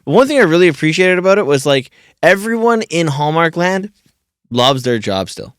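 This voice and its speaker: A man hosting a podcast, talking in a relaxed, casual way with plenty of filler words. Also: on the high side, normal speed, dry recording, studio quality. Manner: relaxed, laid-back, heavy on filler words. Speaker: podcast host. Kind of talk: casual conversation.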